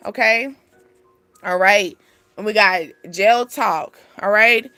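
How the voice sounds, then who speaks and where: A young woman hosting a casual spiritual reading, chatty and animated, laughing often. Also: medium pitch, slow, clear, resonant tone, no room sound, faint music behind. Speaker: spiritual channel host giving a reading.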